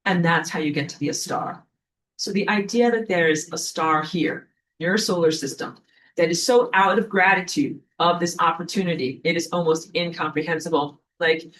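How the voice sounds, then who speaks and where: A woman giving a casual spiritual lesson, chatty and loose, often acting out quoted voices in a higher pitch. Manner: animated, acts out quoted voices with rising pitch; loose and chatty, with fillers and restarts. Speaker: spiritual teacher. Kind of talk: casual spoken teaching.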